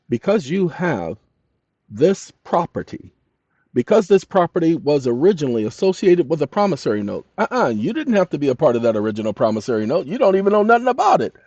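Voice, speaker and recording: A fairly high-voiced man lectures his audience with insistent emphasis, slowing down to dictate text word by word. The recording is dry and dull, with a muffled, lo-fi sound. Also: no room sound. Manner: emphatic, addresses listeners as "ladies and gentlemen"; slow, deliberate dictation of text. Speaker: channel host. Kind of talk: lecturing monologue to viewers.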